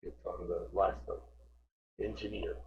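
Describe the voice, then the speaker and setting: A male English teacher speaks slowly and patiently over a video call, drilling his students on contractions and repeating words until they land. The audio comes through slightly muffled, like a typical online lesson. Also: fairly low pitch. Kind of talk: online group class instruction.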